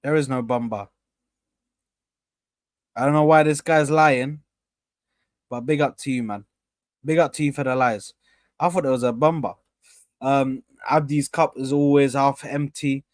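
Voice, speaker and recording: A young man hosting a casual live stream, rambling and repeating himself as he gives shout-outs to viewers. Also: mid-range voice, steady tone, a little slow, long pauses, no echo, studio quality.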